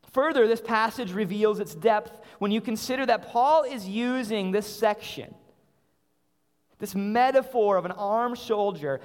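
A man preaching a sermon in earnest, repeating phrases and asking rhetorical questions. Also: high voice. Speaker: pastor. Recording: long hall reverb.

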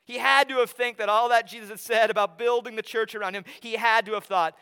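A young man from Wisconsin with an Upper Midwest accent, preaching a sermon in a conversational way, often dropping soft for emphasis. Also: extremely high pitch, steady tone, fast, clear, resonant tone. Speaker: pastor. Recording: long hall reverb.

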